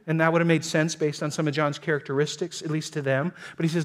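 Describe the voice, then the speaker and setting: A man's voice: on the high side, fairly even intonation, a little fast, few pauses. A man preaching a sermon as a pastor, earnest and emphatic, acting out quotes and often restarting his words. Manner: frequent stammered restarts.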